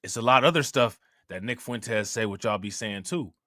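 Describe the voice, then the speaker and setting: A man's voice: fairly low pitch, a little fast, pushed and bright, dry recording, clean studio sound. A man with an Ohio accent hosting a casual livestream, talking loosely, laughing often and reading out chat messages. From Ohio, USA. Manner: loose, conversational, laughs often, keeps asking "you know what I'm saying".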